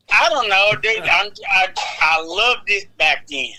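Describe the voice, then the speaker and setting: A man's voice: sits high, expressive, a little slow, bright, forceful tone, rough recording. A man, telling rambling wrestling stories in casual chat, swearing and laughing as he goes. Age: 40s. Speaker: wrestling podcast co-host.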